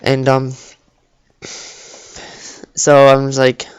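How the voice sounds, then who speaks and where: A man's voice: medium pitch, monotone, extremely slow, clean tone, no room sound. A teenage boy telling a story in a rambling, casual way, full of restarts and "like", in his bedroom. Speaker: vlogger. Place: cold bedroom.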